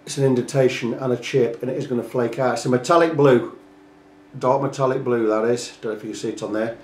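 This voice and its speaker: Chatty guitar tech, roomy. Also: male voice, medium pitch, steady tone, fast talker, a little mellow. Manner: chatty, explains step by step, talks while working. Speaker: guitar repair technician. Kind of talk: hands-on repair walkthrough. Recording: echoey workshop room.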